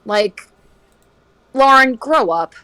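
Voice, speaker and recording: A woman's voice: high voice, animated, takes it slowly, sharp tone, clear, resonant tone, no room sound. A woman streaming a game and chatting casually, airing strong opinions in a ranting way. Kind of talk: casual chat while gaming.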